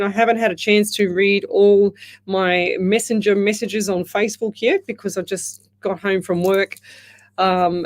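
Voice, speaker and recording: A woman whose voice sits on the low side with a darkish tone hosts live radio from a studio as a psychic medium. Over her headset mic she chats in a wandering way, greeting listeners by name and reading out their comments.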